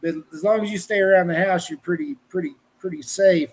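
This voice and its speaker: A man's voice: high-pitched, brisk, breathy edge. A middle-aged man from Colorado, a wrestling journalist, chatting on a podcast in a rambling, folksy, profane way. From Colorado, USA. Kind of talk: casual podcast chat.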